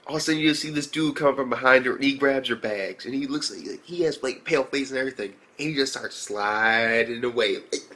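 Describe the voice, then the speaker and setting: An excitable young man talks through an anime episode in a loose, rambling way. He swears freely, piles up filler words and stays mid-pitched. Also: fast. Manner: rambling and profane, many fillers; excitable, jumps into high reactions. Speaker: anime reviewer. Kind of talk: casual recap and review.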